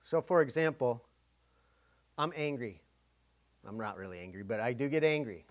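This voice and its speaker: A man's voice: medium pitch, animated, normal speed. Man preaching in a loose, chatty way. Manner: conversational preaching, acting out inner dialogue. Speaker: pastor. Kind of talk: sermon.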